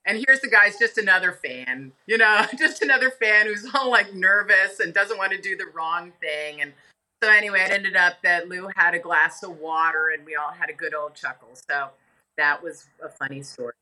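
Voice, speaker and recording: An older American woman, a podcast guest, telling stories in a casual, animated way, laughing often and acting out the voices of the people in them. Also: lowish voice, normal speed, poor audio. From United States. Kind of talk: casual storytelling interview.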